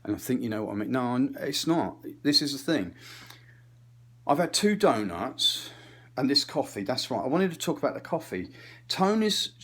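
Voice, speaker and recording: A man doing a rambling comic rant, swearing casually, losing his thread and drifting between muttered asides and louder bursts. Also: medium pitch, very animated, normal speed. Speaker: channel host.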